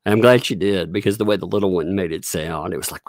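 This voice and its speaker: Low gravelly-voiced male streamer. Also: fast talker, no echo, studio quality. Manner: chatty, laughs often, retells stories with quoted voices. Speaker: livestream host. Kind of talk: casual livestream chat.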